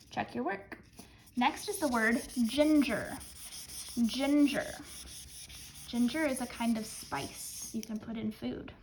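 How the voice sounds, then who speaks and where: Slightly high-voiced woman teaching spelling. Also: a little hiss or hum, rough recording. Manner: clear, patient dictation with counting down. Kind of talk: spelling lesson.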